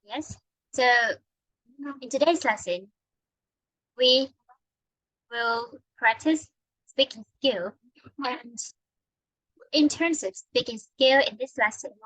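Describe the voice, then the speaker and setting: A woman with a Vietnamese accent teaches an English lesson online over a computer mic on a video call, patiently and often checking that her student understands. Her voice is a little high and fairly bright, and the recording is dry and low in quality.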